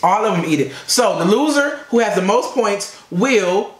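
A man's voice: sits high, lively intonation, normal speed, over a noisy crowd. A young man hosting a casual family reaction video, joking and teasing while he keeps score. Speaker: host. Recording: echoey room with loud noise.

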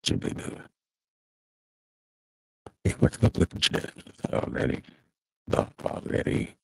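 A man's voice: unhurried, a little mellow, no room sound. A man whose voice runs through a voice-changer filter while he tests his stream setup and asks if it sounds better. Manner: fiddling with his sound setup, asking if it works. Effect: voice-changer filter making the voice very deep.

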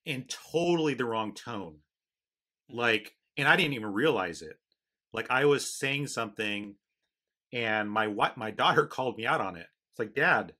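A man in his forties hosting a podcast, with a bright, forward tone. He tells stories in animated, quick bursts and is chatty and open. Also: mid-range voice. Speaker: podcast host. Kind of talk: conversational podcast interview.

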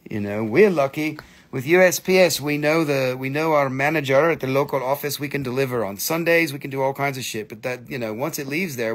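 A man hosting a live crystal sale, chatty and excitable, with crude jokes and non-native phrasing. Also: mid-range voice. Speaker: live-stream crystal seller. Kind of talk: casual live sales chat.

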